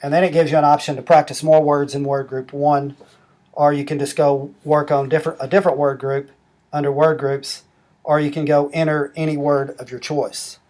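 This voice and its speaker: A middle-aged man walking through a language-learning app step by step, explaining rules slowly and methodically. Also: a little high, level tone, a little mellow. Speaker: app demonstrator. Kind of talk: screen-recorded app tutorial.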